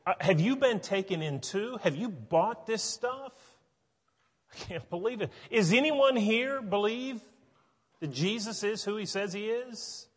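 Brief: a preacher voicing mocking religious elders, raised higher and pushed louder, echoing in a large hall. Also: male voice, animated, fairly quick, husky. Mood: incredulous. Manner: mocking, disbelieving. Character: incredulous scoffing religious leaders, male.

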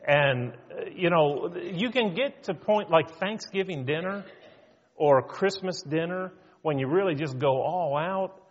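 A middle-aged man preaches a sermon in an easy, conversational way, slipping into little quoted voices to make his point. His voice sits a touch high for a man. It comes through muffled, with a long reverb trailing off the walls of the church. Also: measured pace. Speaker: pastor. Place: church sanctuary.

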